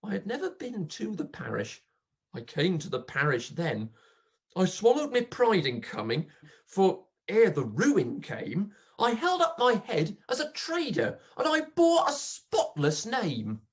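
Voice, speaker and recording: A reader voicing a bitter old pauper man, husky, slow, wildly rising and falling, melodramatic recitation. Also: mid-range voice, wildly swooping pitch, exaggerated voice. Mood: mournful. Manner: melodramatic, swinging from hushed to loud. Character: grief-stricken old male pauper, bitter and accusing. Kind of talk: dramatic poetry recitation.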